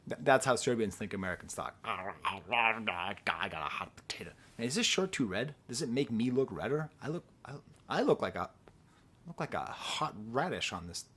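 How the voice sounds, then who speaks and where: A middle-aged man giving a casual, rambling album review, animated and quick to laugh at himself. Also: mid-range voice, breathy edge. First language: English. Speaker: music reviewer.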